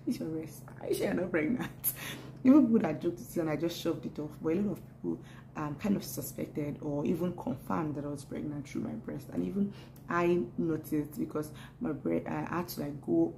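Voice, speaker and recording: A young adult woman chatting casually to camera in a vlog, animated and laughing often, repeating words as she talks. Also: sits low, gravelly, background noise. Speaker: pregnancy vlogger.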